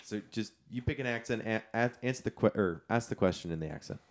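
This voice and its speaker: A man's voice: lowish voice, fast talker, slight background noise. A young man co-hosting a podcast in easygoing casual chat, leading a card game and talking reflectively. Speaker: podcast co-host.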